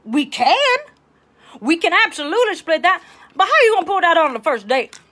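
A woman's voice: very high voice, big pitch swings, moderate pace, sharp tone, full character voice. A woman playing a brassy middle-aged Southern advice-show host with a Louisiana accent, chatty and bossy, wandering off on tangents. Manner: chatty, bossy, tangents, keeps asking okay. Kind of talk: improv comedy livestream.

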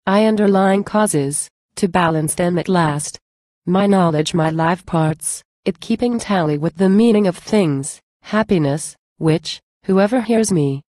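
A woman recites poetry in a measured, declamatory way. Her voice sits a little low and sounds mellow and dark, and the recording is close and dry with no room sound. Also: no echo. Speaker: reader.

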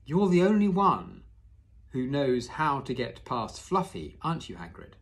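A man's voice: medium pitch, sing-song, moderate pace, voice pushed up, lightly acted. A man reading aloud and voicing an eager, anxious young boy who asks questions urgently.

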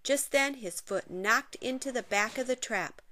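A woman's voice: fairly high pitch, a little slow, pushed and bright. A woman reading a children's picture book aloud, expressively, with playful sound effects. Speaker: narrator.

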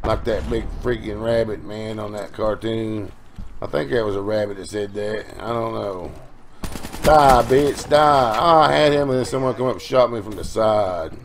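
A middle-aged man talks over his gameplay in a lowish voice, sounding tired from no sleep. He rambles in a folksy way, swears freely, and breaks into quick outbursts. Faint noise sits under the recording. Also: steady tone, darkish tone. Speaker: gaming channel host.

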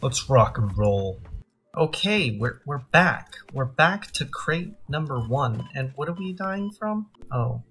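Slow-talking excitable man playing a game. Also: medium pitch. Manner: excitable, dramatic reactions, swears freely; self-deprecating, jokey panic. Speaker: gaming channel host. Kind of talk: live gameplay commentary.

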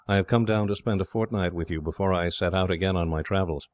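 A man's voice: low-pitched, quick pace, no room sound, natural voice. A man voicing an earnest, cheerful young English officer.

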